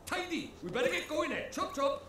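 A man's voice: extremely high pitch, very animated, brisk, heavy reverb, noisy background. An actor playing a cheeky, boastful male fairy lord, chatty and folksy in a video game. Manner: cheerful, folksy, calls people lad. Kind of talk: game voice acting.

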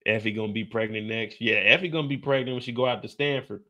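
A man's voice: lowish voice, quick pace, sharp tone, highs cut off. A man recapping a TV episode with loose, profane, joking asides. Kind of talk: casual comedic recap commentary.

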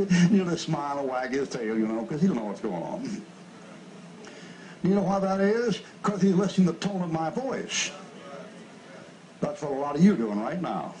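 A man preaching a fiery pulpit sermon, yelling and growling at his listeners in a blunt, mocking way. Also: fairly high pitch, expressive, moderate pace, poor audio.

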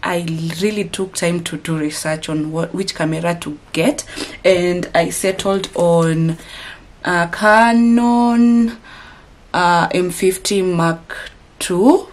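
A woman's voice: on the low side, steady tone, slow. A woman from Kenya vlogging to her camera, upset and rambling with restarts. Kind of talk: casual vlog to camera. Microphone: camera mic.

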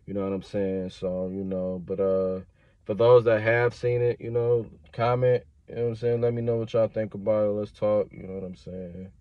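A man's voice: on the low side, level tone, moderate pace, no room sound. A man recording a casual, slangy film-review rant while driving in traffic, sounding frustrated and repeating "you know what I'm saying". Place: car in traffic. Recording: dull lo-fi audio with traffic noise. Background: road traffic noise.

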